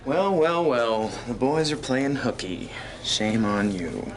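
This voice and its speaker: A smug, teasing acquaintance, sly and mocking in tone. The chatter of a busy restaurant crowd is heard behind him. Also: male voice, mid-range voice, expressive, slow pace, rough recording.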